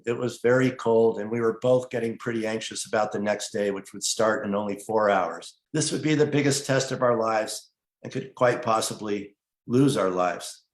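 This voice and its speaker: Man, middle voice, earnest personal storyteller, recorded in an echoey room. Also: mid-range voice. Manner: earnest, measured, gets emotional at times. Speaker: guest telling his story. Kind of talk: personal storytelling, partly read narration.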